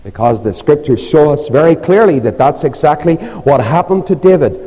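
A man preaching an evangelistic sermon in a church, pleading fervently and climbing high on his appeals. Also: expressive, moderate pace, hardly any pauses, mellow, breathy edge. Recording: long reverb of a large hall.

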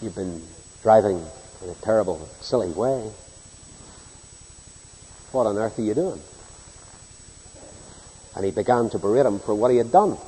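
A man preaching a sermon in a large hall with a long, ringing reverb. His voice is dark and a little husky, and his pitch jumps around a lot as he acts out the people in his stories. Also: animated, unhurried, long pauses. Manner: storytelling, mimics people in anecdotes, swings from hushed to loud.

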